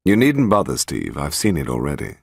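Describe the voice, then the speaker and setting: A man reading an audiobook voices a calm, wryly amused gentleman novelist and amateur detective. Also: very deep voice, brisk, vocal fry, slightly rough, dry recording, studio quality, exaggerated voice. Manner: calm and wry. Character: suave gentleman novelist-sleuth, dryly amused.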